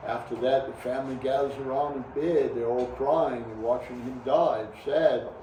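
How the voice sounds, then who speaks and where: A man's voice: mid-range voice, steady tone, normal speed, dark tone, a little hiss or hum. A man with a Cajun accent telling folk stories to a live audience in an easygoing, drawling way. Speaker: storyteller and singer. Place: heritage village hall. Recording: roomy, from a distance, faint accordion.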